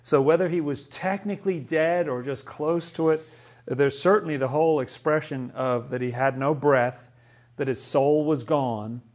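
A man's voice: fairly high pitch, moderate pace, a little mellow. A man leading a Bible study lesson. He talks thoughtfully, often restarts his sentences and asks rhetorical questions.

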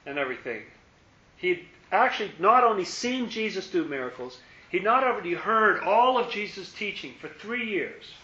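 A man's voice: high voice, bright, forceful tone. A man leading a Bible study in a conversational way, repeating words and asking his listeners questions. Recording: echoey room, muffled lo-fi sound.

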